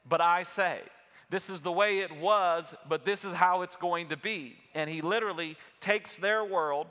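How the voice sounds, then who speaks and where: A man's voice: fairly high pitch, sharp tone, smooth. A man preaching a sermon as pastor, talking in a conversational way that builds to emphatic points. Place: large church auditorium. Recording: long hall reverb.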